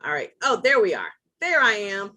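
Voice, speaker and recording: A chatty woman runs a live online tutorial at an easy middle pitch. She talks her way through every step and jokes about her own slips as she goes. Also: sing-song, normal speed, pushed and bright. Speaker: host.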